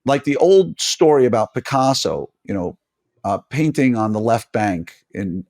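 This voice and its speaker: Middle-aged man hosting, lively and emphatic. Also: medium pitch, a little slow. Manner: emphatic and preachy, with many fillers and restarts. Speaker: podcast host and orthodontist. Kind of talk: casual interview chat.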